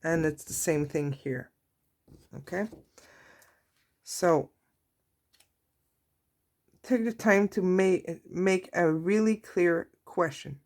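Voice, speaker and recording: A woman reads tarot cards for her viewers in an unhurried, gentle way. Her voice sits a little low with a gravelly edge. Card shuffling can be heard in the background. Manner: soft, warm-hearted, reads card messages aloud. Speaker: tarot reader. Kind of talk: slow, intimate tarot reading.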